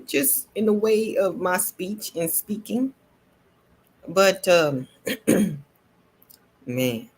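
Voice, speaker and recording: A woman vlogger telling a personal story in a casual, animated way, repeating herself and laughing between lines. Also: deep voice, breathy edge.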